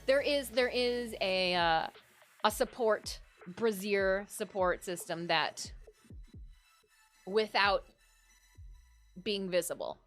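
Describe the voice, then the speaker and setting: A young adult woman streamer from Michigan, chatting casually with her viewers and often breaking into loud laughter. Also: medium pitch, slow pace, long pauses, soft background music. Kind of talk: casual live-stream chat while drawing.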